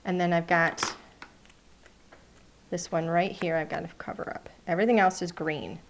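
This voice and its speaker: A woman's voice: lowish voice, steady tone, moderate pace, vocal fry, noisy background. A woman hosting a live cardmaking class, chatting playfully as she narrates each step of her work. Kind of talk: live crafting demonstration.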